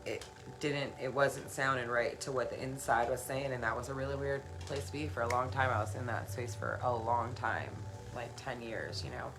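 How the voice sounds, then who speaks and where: Her voice is very deep and her speed normal as she talks casually on a live stream about spiritual self-help, responding to viewers' comments. Encouraging and earnest, she laughs a lot and repeats phrases to stress them, with background noise present.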